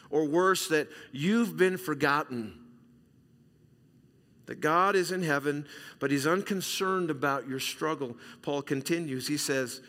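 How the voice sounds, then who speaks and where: A middle-aged man from Southern California delivers a sermon with a fairly high, bright, forceful voice. He drives points home by repeating phrases and drops to near-hushed asides. The sound carries a long reverb from a church sanctuary. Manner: emphatic preaching, repeats phrases, swings between loud and hushed. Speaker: pastor.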